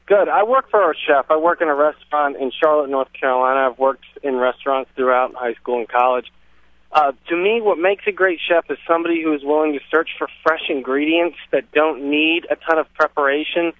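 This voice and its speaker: A man who works in a restaurant calls a radio show and states his view plainly, without fuss. His voice sits a little higher than most men's. It comes through a thin, phone-like line with a dry, close sound. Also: a little fast, dry recording. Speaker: caller, restaurant worker. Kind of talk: phone-in opinion.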